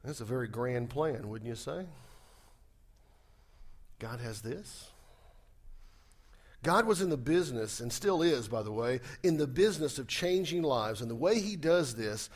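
A man preaching a conversational sermon, with sarcastic asides and swings between loud and soft passages. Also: mid-range voice, expressive, measured pace, long pauses. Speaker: pastor.

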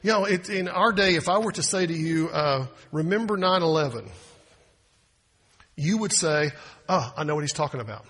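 A bright, higher-pitched man with a husky edge delivers a sermon in a conversational way. He throws rhetorical questions at the congregation and slips into quoted voices to make his point. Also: animated, moderate pace. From United States. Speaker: pastor.

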